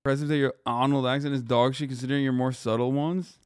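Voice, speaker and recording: A man's voice: medium pitch, level tone, fast talker, smooth, no room sound, clean studio sound. A man hosting a live stream, reacting in casual, offhand commentary and swearing freely. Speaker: streamer host.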